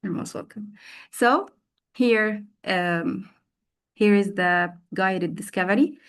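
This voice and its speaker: A woman's voice: mid-range voice, slow pace, clear, resonant tone. A woman training teachers in an online class, prompting participants and repeating words for emphasis. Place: online video call.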